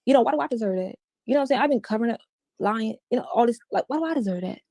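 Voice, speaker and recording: A woman's voice: on the high side, animated, rapid-fire, mellow, no room sound, studio quality. A woman as an interview guest, giving a candid, emphatic personal account in slangy everyday speech.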